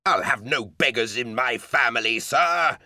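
A man's voice: medium pitch, animated, measured pace, sharp tone, dry recording, clean studio sound, voice pushed up. A man voicing a proud, wealthy old father in a storybook reading, roaring his commands. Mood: furious.

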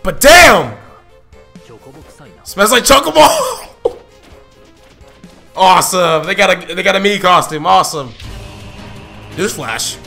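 Young guy reacting live, voice hoarse, super high and bright, yelling and cursing. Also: slow pace, long pauses, faint music behind. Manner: excitable, shouting and swearing. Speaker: video host reacting live.

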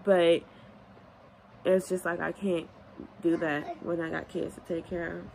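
A woman's voice: fairly low pitch, flat delivery, measured pace, vocal fry, darkish tone, a little hiss or hum. A young adult woman and mother chatting candidly to her viewers in a casual day-in-the-life vlog at home, calling them y'all. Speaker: vlogger and mother of two babies.

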